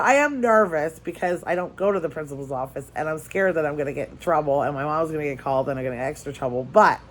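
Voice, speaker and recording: A woman with a slightly low voice chats casually as a crafting vlogger. She tells a story with lively energy and repeats phrases to drive her point home.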